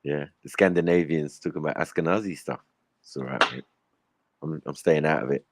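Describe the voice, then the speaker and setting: A man's voice: rumbling low, brisk, no room sound. A man hosting a casual chat, speaking in a laid-back way. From United Kingdom. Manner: laid-back, drops into exaggerated put-on voices. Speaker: host.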